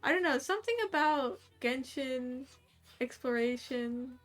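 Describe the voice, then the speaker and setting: A woman's voice: high voice, a little slow. A young woman streaming casually while she draws, rambling along with lots of "like" and little laughs. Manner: rambling and chatty with frequent "like" and laughs. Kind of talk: casual chat while drawing. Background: faint background music.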